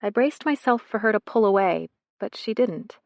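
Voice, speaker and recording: A woman reading a first-person romance novel in a soft, intimate way, as scripted narration. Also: mid-range voice, lively intonation, normal speed, vocal fry, dry recording, dull audio. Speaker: audiobook narrator.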